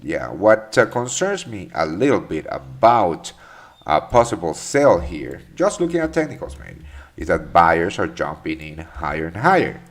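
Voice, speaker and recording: A man's voice: low voice, sing-song, unhurried. A man hosting a live trading stream, answering chat questions in a loose, profane way with many fillers and restarts. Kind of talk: casual live market commentary.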